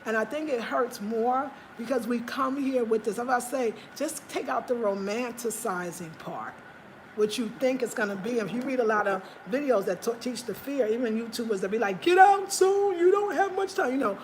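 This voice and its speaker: Chatty woman with a fairly high voice. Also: slight background noise. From United States. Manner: chatty, rambling, emphatic. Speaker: vlogger. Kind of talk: casual chat.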